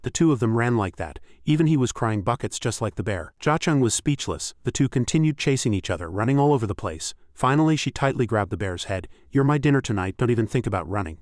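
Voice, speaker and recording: A man narrating a fantasy romance story recap in a steady, scripted reading. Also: mid-range voice, fairly quick, hardly any pauses, no echo, studio quality.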